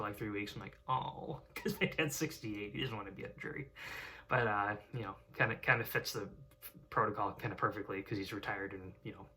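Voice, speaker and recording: A man's voice: fairly low pitch, pushed and bright. A young man talking casually to camera in a rambling way, full of fillers and restarts. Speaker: vlogger.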